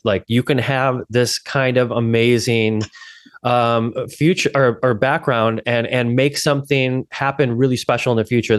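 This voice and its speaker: A man's voice: mid-range voice, dry recording, clean studio sound. A man hosting a podcast, talking in a casual, earnest, rambling way. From Chicago area. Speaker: podcast host.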